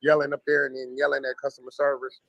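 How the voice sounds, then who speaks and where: A hoarse young man from Gary, Indiana talks into his livestream in a flat, weary drone, his voice worn out from yelling and sickness. He pleads with viewers in a low, tired tone that hardly rises or falls. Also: fast, dry recording, muffled recording. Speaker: livestreamer asking viewers for money. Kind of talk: casual livestream talk.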